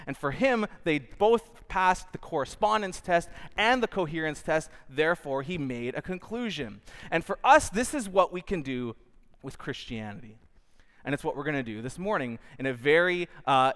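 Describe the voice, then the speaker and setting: A man's voice: high-pitched, clean tone, long reverb tail. A young man giving a sermon, telling a school prank story with acted-out quotes before he turns it into a lesson. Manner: storytelling, animated, acts out quotes. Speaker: preacher. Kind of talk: sermon with personal anecdote.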